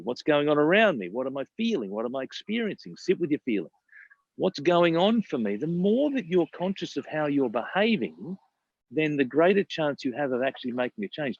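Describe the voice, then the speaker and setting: A man's voice: mid-range voice, no room sound, lo-fi sound. A man coaching in casual talk, repeating phrases and asking himself questions. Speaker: mindset coach.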